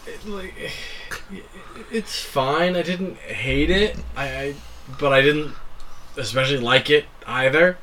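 A man on a movie podcast, answering in a halting, hesitant, noncommittal way. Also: on the high side, bright, forceful tone, a little hiss or hum, poor audio. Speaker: podcast co-host. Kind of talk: casual chat.

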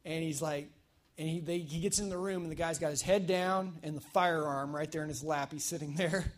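A man preaching a casual, energetic sermon at a church service, telling stories in a chatty way with fillers. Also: on the high side, fairly quick. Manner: energetic, conversational storytelling with fillers. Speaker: pastor.

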